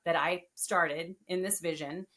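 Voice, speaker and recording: A woman guest on a podcast, telling her story in a casual, animated and earnest way. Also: fairly low pitch, a little slow.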